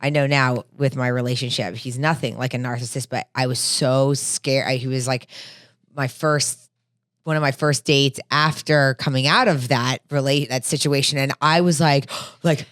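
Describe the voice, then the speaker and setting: A woman with a low voice chats on a podcast. She tells stories with animation and acts out what she was thinking. The recording is dry and close. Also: normal speed, no echo. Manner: animated storytelling, acting out her own thoughts. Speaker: podcast co-host. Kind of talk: casual podcast chat.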